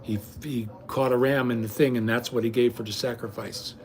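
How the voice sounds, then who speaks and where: An older man talks straight to his viewers in a loose, folksy ramble, often tripping over his words and starting sentences again. His voice sits at an ordinary middle pitch. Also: fairly even intonation, brisk. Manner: folksy, rambling, frequent restarts and stammers. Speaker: vlogger. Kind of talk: casual rambling chat to viewers.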